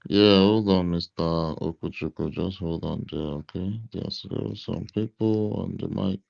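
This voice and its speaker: A man moderating an online discussion, speaking softly and haltingly as he calls on speakers. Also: sits low, steady tone, creaky. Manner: soft, halting, managing speakers. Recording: muffled lo-fi audio.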